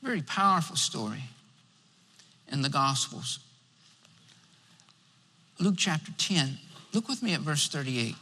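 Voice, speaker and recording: A man's voice: on the high side, very animated, unhurried, pauses often, pushed and bright, slightly rough. A man preaching a sermon, working through numbered points with repeated amens. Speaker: pastor. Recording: long hall reverb.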